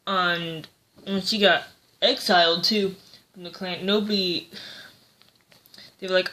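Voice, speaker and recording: A woman's voice: fairly low pitch, fairly even intonation, takes it slowly, long pauses, bright, forceful tone. A woman giving a casual, rambling book review, hesitant and full of fillers.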